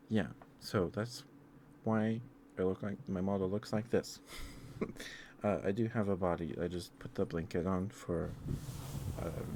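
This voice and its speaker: A man rambles in a soft-spoken ASMR style, with a very low voice. He pauses often and fills the gaps with hesitant fillers. A steady hiss sits under the recording. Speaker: streamer.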